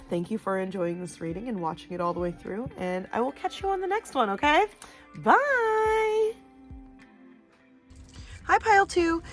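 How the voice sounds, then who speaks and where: Chatty, loud woman reading tarot cards. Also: mid-range voice. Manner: chatty, loud, lots of "you know" and "like". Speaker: tarot reader. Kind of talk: casual pick-a-card reading.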